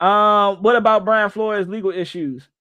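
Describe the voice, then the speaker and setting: A man's voice: high-pitched, fairly even intonation, unhurried, sharp tone, clear, resonant tone, dry recording, muffled recording. A man hosting a live sports reaction stream, chatting loosely with viewers and joking as he goes. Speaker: livestream sports host.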